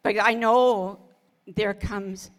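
A woman's voice: medium pitch, fairly even intonation, very slow. A middle-aged woman co-hosting a casual ministry talk, telling her story with earnest feeling, often laughing and quoting her own prayers. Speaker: pastor's wife, co-host.

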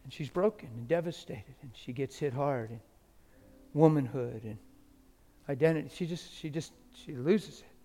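Man preaching with hushed whispers and loud bursts. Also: a little high, moderate pace. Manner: swings from hushed whispers to loud, emotional exclamations. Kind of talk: sermon. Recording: long hall reverb with faint music.

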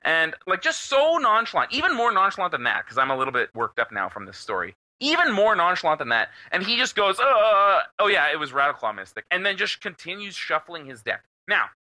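Young man, podcast co-host, animated storyteller, swears a lot, very bright tense voice, swoops up and down. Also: high voice, a little fast, few pauses. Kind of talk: casual chat.

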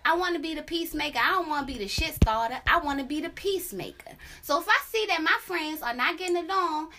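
A young adult woman hosting a podcast, telling a story in casual chat, animated and profane, with sung la la la asides. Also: high-pitched, fast. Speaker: podcast host.

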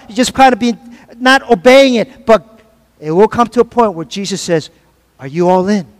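High-voiced man preaching in a church. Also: in a large hall. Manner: preaching with call-and-response asides; repeats phrases for emphasis, some stumbles. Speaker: pastor. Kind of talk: sermon.

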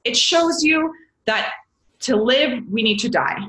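A woman's voice: a little high, animated, slow pace, fairly bright tone. Chatty woman in an echoey room. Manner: rambling, self-correcting, chatty, calls listener babes. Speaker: astrology guest. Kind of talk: casual podcast explanation.

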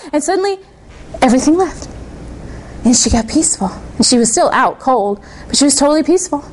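A woman preacher telling a personal story in a lively sermon to a church congregation, laughing often. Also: high-pitched, a little fast.

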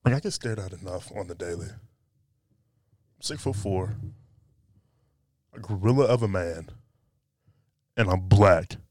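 A man's voice: low voice, takes it slowly, long pauses, a little mellow, no room sound. A man hosting a casual solo podcast indoors, talking in a loose, joking, profane and rambling way. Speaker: podcast host. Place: indoors by a window. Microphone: podcast mic.

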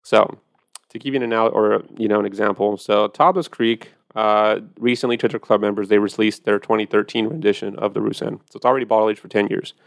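A man's voice: on the low side, fairly even intonation, fairly quick, gravelly, no room sound, studio quality. A man hosting a podcast, chatting casually and animatedly about wine, with profane storytelling. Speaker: podcast host.

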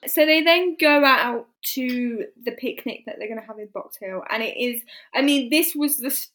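A woman's voice: fairly high pitch, moderate pace, fairly bright tone. A young woman chatting casually, frank and opinionated, laughing easily. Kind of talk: casual podcast chat.

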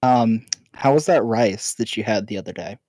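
A man co-hosting a podcast, teasing the others with deadpan jabs in casual chat. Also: fairly low pitch, moderate pace. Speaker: podcast co-host.

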